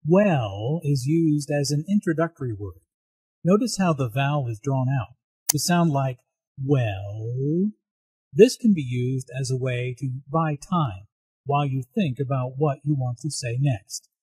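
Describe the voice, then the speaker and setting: A man narrating a scripted English lesson, explaining language points slowly and deliberately. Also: medium pitch, dark tone, slightly rough, no echo. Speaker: English teacher.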